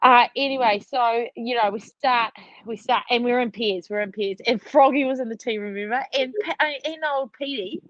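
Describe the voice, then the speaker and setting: Animated New woman on a dull call. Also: fairly high pitch, normal speed, dry recording. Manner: animated storytelling, laughing often, lots of "like". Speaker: netball player catching up with a teammate. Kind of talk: casual video call chat.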